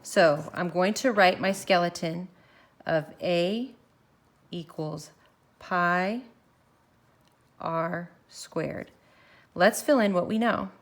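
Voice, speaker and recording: A woman teaching a recorded math lesson, walking through each step slowly and thinking aloud as she films her worksheet. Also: on the low side. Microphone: phone camera filming her worksheet.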